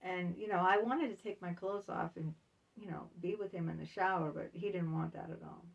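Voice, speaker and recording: A woman's voice: lowish voice, steady tone, moderate pace, vocal fry, breathy edge, recorded from a distance, lo-fi sound. A woman telling a candid personal story in a casual vlog, chatty and laughing between lines. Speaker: author and vlogger.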